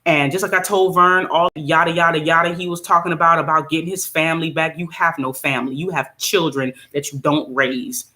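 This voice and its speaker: A woman's voice: sits low, brisk, hardly any pauses. A middle-aged woman, venting bluntly in a casual vlog and touring her small apartment on a phone camera. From United States. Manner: venting, blunt, animated, laughs often. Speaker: vlogger. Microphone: phone camera held by speaker.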